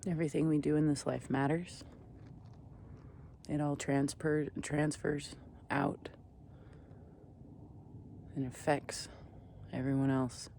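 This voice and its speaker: A man vlogging outdoors at a desert campsite on a ridge, speaking in a slow, earnest, meandering way that sometimes sinks to soft near-whispers. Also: on the high side, flat delivery, gravelly, slight background noise. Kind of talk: reflective spiritual vlog talk.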